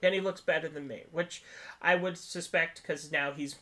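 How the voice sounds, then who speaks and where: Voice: medium pitch, steady tone, moderate pace, a bit bright. A person in their twenties co-hosting a casual movie-review podcast, rambling into tangents and laughing often. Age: 20s. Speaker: podcast co-host.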